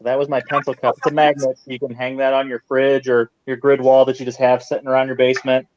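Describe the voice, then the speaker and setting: A man's voice: mid-range voice, flat delivery, quick pace, a little mellow, dry recording. A man in his forties, a guest mask maker, chatting casually and joking over a video call. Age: 40s. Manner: jokey, easygoing. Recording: dull, dry video-call audio.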